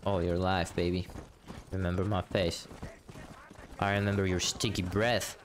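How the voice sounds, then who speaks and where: A man's voice: low voice, flat delivery, measured pace, background noise. A man casually commenting while he plays a game live, chatty and profane, answering his viewers as he goes. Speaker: game streamer. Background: game music and horse hooves.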